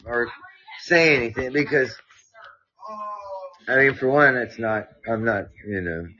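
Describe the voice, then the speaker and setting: A man's voice: mid-range voice, pushed and bright, highs cut off, a little hiss or hum. A man hosting a casual podcast, reading listener stories aloud and rambling with many fillers and restarts. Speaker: podcast host.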